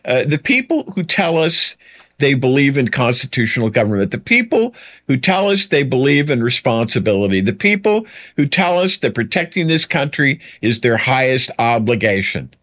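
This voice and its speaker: Male commentator, mid-pitched, emphatic rhetorical questioner with dry sarcasm. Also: very animated, moderate pace, fairly bright tone. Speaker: political commentary host. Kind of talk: solo political commentary.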